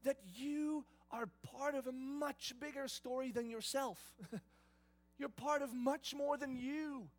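Husky high-voiced man preaching. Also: fairly even intonation, slow. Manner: emphatic, swings between hushed and loud. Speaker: pastor. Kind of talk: sermon.

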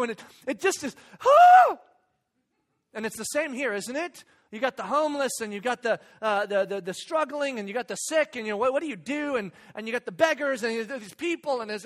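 A male pastor with a very high, bright voice. He tells his sermon as a lively, casual story, repeating words as he thinks and asking "right?" to keep his listeners with him. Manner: animated, conversational, repeats words and asks "right?".

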